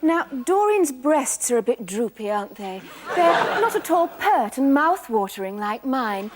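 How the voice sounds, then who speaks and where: A woman playing a chirpy, tactless female daytime TV presenter with bright, breezy patter. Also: sits high, big pitch swings, measured pace, over a noisy crowd, heavy background noise. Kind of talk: sketch comedy.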